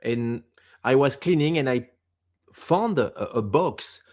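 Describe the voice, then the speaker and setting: A man in his fifties with a Quebec French accent speaks slowly, picking his English words one at a time. He is a native French speaker, talking casually as a guest in an interview. His voice sits at an ordinary middle pitch. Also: expressive, a little mellow. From France. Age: 50s. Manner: halting, searching for English words.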